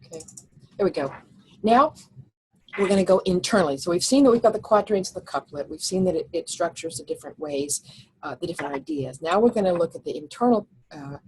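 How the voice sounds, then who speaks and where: A woman's voice: fairly low pitch, animated, a little fast, a little hiss or hum, poor audio. A woman teaching a recorded lecture over slides, explaining step by step with frequent fillers and restarts.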